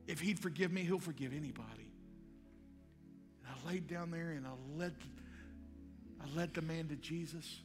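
Male pastor, lively storyteller, slightly high voice, live hall reverb. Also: moderate pace. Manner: animated storyteller acting out dialogue. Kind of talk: sermon storytelling. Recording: live hall with long reverb and faint music.

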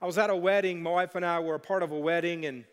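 Pastor guy w a high voice, preaching in an echoey church, jokey storyteller. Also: steady tone, fast talker, clear, resonant tone. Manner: storytelling with playful character voices. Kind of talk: sermon. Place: church sanctuary. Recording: long hall reverb.

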